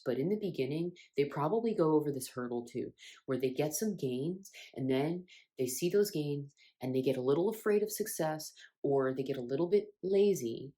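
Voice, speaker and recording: A woman's voice: extremely low pitch, moderate pace, mellow. A woman talking casually as a self-help coach, earnest and repeating phrases for emphasis. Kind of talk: casual spiritual coaching talk.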